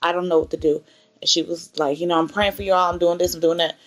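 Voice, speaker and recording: A woman's voice: fairly low pitch, steady tone, quick pace. A woman in her twenties candidly telling an emotional personal story in a faith vlog. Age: 20s. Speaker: vlogger.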